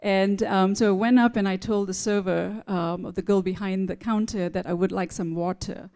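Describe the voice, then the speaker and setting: A woman who came to the United States from abroad, moderating a live panel and telling a humorous, animated story. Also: medium pitch, normal speed. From outside the United States.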